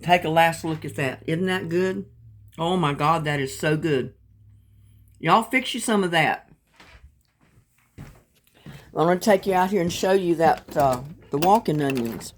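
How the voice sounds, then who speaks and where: A woman's voice: fairly low pitch, measured pace, long pauses. A woman chatting casually in a home cooking and gardening vlog, savoring her food with little murmurs.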